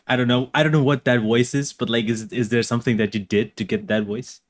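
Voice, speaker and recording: A man's voice: mid-range voice, fairly even intonation, fairly quick. A man hosting a podcast, asking eager, curious questions in a casual tone. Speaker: podcast host.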